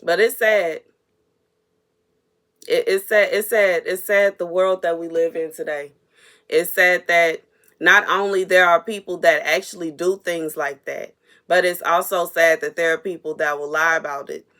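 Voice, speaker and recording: A woman's voice: fairly low pitch, steady tone, a little slow, a bit bright. A woman delivering an unscripted prophetic message to her viewers, earnest and repetitive, at times emotionally stirred. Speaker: prophetic minister.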